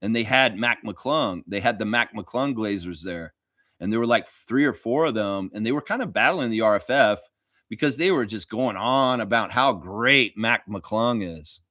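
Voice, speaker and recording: Male livestream host, casual and animated, bright and forceful voice, dry close sound. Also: fairly low pitch, normal speed, no room sound. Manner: animated, profane, talks to chat viewers. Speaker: fan show host.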